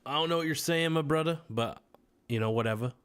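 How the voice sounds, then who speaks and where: A man's voice: fairly high pitch, brisk, fairly bright tone, clean tone. A man hosting a casual podcast livestream, reading chat comments aloud and answering them with crude, irreverent jokes on a close mic.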